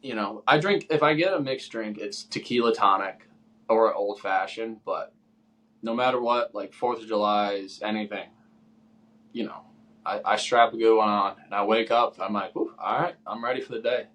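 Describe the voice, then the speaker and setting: A young man with a somewhat low voice talks casually as a podcast co-host. He rambles through his stories, quoting himself and others along the way. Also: normal speed, fairly bright tone. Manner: rambling storyteller, acts out his own quoted lines. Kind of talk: casual chat.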